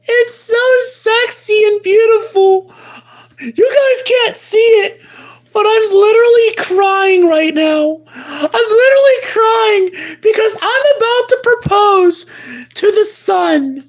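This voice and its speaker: A woman's voice: extremely high pitch, takes it slowly. A woman voicing a lovesick male plush toy with an overdramatic, wailing, gushing manner, acted for a comic live-stream skit.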